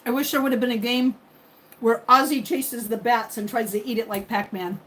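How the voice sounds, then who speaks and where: A woman's voice: sits high, expressive, brisk, background noise. Chatty, rambling woman streamer. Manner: rambling, chatty and openly emotional. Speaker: livestream host. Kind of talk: casual chat with live viewers.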